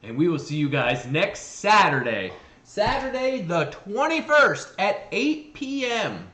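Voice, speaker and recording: Brief: bright high-voiced male co-host, lively storyteller, echoey room. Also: takes it slowly. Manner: animated storyteller, acts out voices and laughs often. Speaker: podcast co-host. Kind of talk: casual chat. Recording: echoey room with faint noise.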